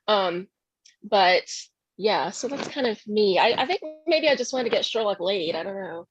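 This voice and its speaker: A woman's voice: mid-range voice, lively intonation, normal speed. A woman author on a convention panel, talking casually with lots of fillers and hedges. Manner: rambling, with many fillers and hedges. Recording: dry, slightly muffled audio.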